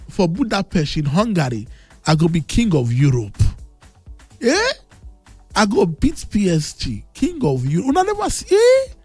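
A brash man with a Nigerian Pidgin English accent, boasting and teasing his listeners in casual radio banter. His voice is husky and thick from being under the weather, and it swings widely up and down. Faint music plays behind his dry, close voice. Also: high-pitched, a little mellow, no echo.

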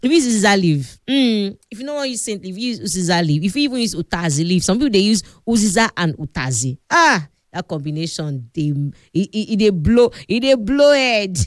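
A woman's voice: medium pitch, no room sound, studio quality. A woman with a Nigerian accent hosting a radio cooking talk, chatty and instructive, laughing often as she talks. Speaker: radio host.

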